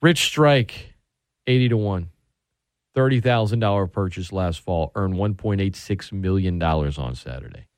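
A man hosting sports talk radio, excitable and animated, often restarting his sentences. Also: sits low, normal speed, no room sound, clean studio sound.

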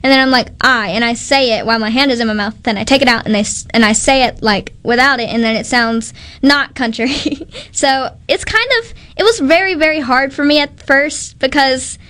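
A woman's voice: sits high, a little fast, hardly any pauses, a bit bright. A young woman from Mississippi with a Southern accent, a guest actress chatting casually in an interview, giggly and bubbly.

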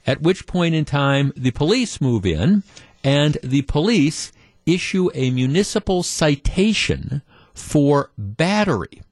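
A man's voice: fairly high pitch, darkish tone, no echo. A middle-aged man hosting a talk radio show, telling a story in a conversational, sardonic way with frequent restarts.

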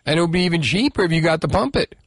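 A man's voice: fairly high pitch, animated, rapid-fire, fairly bright tone. A man hosting a call-in radio talk show, sarcastic and mocking. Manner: sarcastic, mocking, puts on voices for politicians.

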